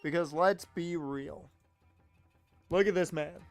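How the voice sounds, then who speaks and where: A man's voice: on the high side, slow, gravelly, faint music behind. A man streaming a video game, making joking, sarcastic casual commentary. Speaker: let's play streamer.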